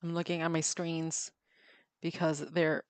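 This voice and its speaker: A woman's voice: deep voice, level tone, unhurried, darkish tone, no echo. A woman streaming herself drawing, talking casually to herself and correcting her own mistakes as she works. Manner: muttering to herself while working, self-correcting.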